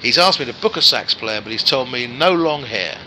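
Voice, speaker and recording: A man's voice: medium pitch, expressive, fairly quick, pushed and bright, slight background noise, rough recording. A man voicing a friendly Welsh hotel manager on the phone, calling the listener son and boy. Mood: chummy.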